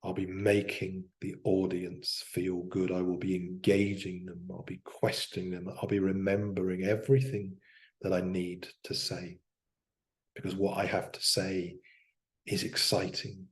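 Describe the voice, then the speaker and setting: A man demonstrating self-hypnosis aloud as a coach, talking himself through slow, soft affirmations. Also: deep voice, monotone.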